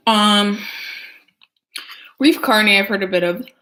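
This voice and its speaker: A woman's voice: medium pitch, bright, forceful tone. A young adult woman chatting casually as a vlogger, rambling with lots of filler words while she eats. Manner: eating while talking. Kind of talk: casual chat.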